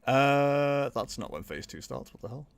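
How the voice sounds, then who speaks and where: A man's voice: mid-range voice, expressive, normal speed, clean tone. A man hosting a livestream, chatting casually with many laughs and rambling restarts. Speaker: streamer and host.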